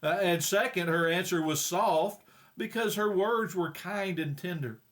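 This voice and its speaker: A man's voice: high voice, measured pace, fairly bright tone. A male preacher giving a folksy, plain-spoken sermon with frequent hesitations.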